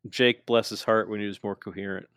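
A man co-hosting a podcast, casually recapping a wrestling show and mocking the wrestlers' lines in quick asides. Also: fairly low pitch, fairly even intonation, a bit bright, smooth, no room sound. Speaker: podcast co-host.

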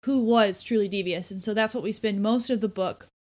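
A woman's voice: medium pitch, fairly quick, a little mellow. A young woman co-hosting a book podcast, talking casually and animatedly, often asking rhetorical questions. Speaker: podcast co-host.

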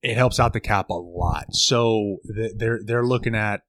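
A young man co-hosting a sports podcast, talking fast with lots of restarts and repeated words. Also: on the low side, dry recording. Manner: animated, stammering restarts. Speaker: podcast co-host. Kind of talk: casual sports chat.

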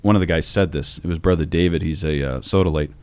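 A podcast co-host with a rumbling low, slightly mellow voice talks quickly, his tone clear and resonant with no room sound. He chats casually about theology, wandering off on tangents, telling anecdotes and using fillers.

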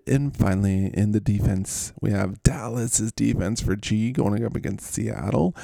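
A man's voice: fairly low pitch, unhurried, vocal fry, hardly any pauses, mellow, no echo, studio quality. A man hosting a podcast in casual, rambling chat, full of jokes, puns and running bits. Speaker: podcast host.

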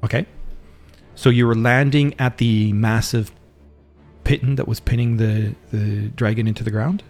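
A man narrating as game master of a tabletop game, relaxed and rambling, talking into a home mic on a voice call. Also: lowish voice, normal speed, faint music behind.

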